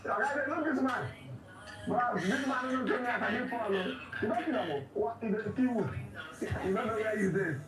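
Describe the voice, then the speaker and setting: A man speaking Nigerian Pidgin English as a driver in a comedy skit, excited, pleading and scolding. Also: extremely high pitch, brisk, crowd noise. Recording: roomy, far from mic, loud music behind.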